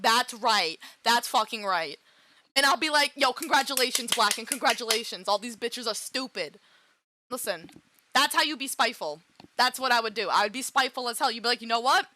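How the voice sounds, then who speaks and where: A woman's voice: high voice, pushed and bright, no room sound. A woman streamer giving casual gaming commentary in brash, profane, playfully spiteful rants.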